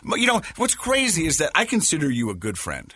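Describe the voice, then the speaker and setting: A man's voice: a little high, wildly swooping pitch, fairly quick, pushed and bright, slightly rough. A middle-aged man co-hosting a podcast, telling family stories in casual chat and teasing his co-host. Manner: teasing, chatty, quotes people in dialogue.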